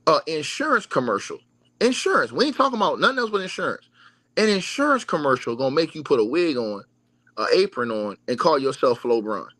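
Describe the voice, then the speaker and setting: Lively man ranting to his viewers. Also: on the high side, a little fast, dry recording. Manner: mocking, repetitive, talks straight to the audience. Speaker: livestream host. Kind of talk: animated sports rant to viewers.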